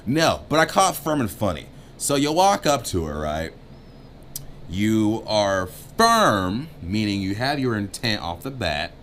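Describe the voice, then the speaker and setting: A man co-hosting a dating advice chat, joking and talking without a filter, swinging between loud bursts and muttered asides. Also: on the low side, big pitch swings, unhurried, slight background noise. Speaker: co-host giving dating advice. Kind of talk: casual uncensored chat.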